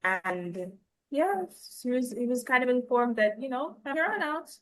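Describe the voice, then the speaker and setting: A woman's voice: a little high, lively intonation, moderate pace, rough recording. Woman host, affirming and chatty. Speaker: podcast host. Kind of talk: casual conversational talk.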